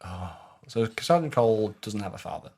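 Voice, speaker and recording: A man's voice: lowish voice, animated, moderate pace, vocal fry, a little mellow, slightly rough. A man, telling rambling, sweary stories as a podcast co-host. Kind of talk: casual podcast chat.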